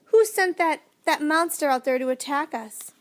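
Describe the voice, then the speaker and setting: A woman voicing an angry, protective young boy who shouts fiercely. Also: high voice, moderate pace, voice pushed up, natural voice. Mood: furious.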